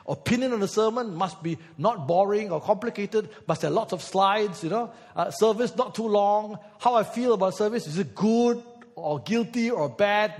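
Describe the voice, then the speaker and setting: Man, pastor, sermon, conversational and teasing, high-pitched, long hall reverb. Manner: conversational, teasing the congregation, sings snatches of songs.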